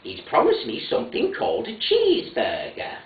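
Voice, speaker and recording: A man voicing a fussy, flighty elderly mother, chirpy and bossy, with a high put-on voice, recorded from far off in an echoey theatre with a tinny sound. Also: wildly swooping pitch, normal speed.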